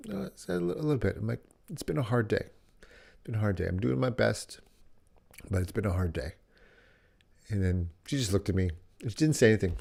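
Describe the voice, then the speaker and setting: A man co-hosting a podcast about fatherhood, telling a personal story in an earnest, halting way. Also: low voice, darkish tone. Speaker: podcast co-host. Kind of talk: reflective casual conversation.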